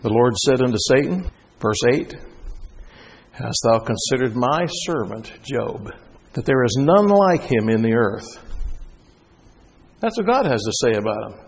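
Male pastor, animated sermon delivery, mid pitch, long hall reverb. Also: moderate pace, slightly rough. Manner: animated preaching, rising and loud at high points, dropping soft for stories.

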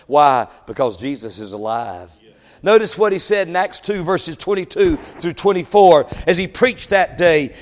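High-voiced preacher booming in a hall. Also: male voice. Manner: swings from shouted peaks to low, quiet asides; stammers and restarts when worked up. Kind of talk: sermon.

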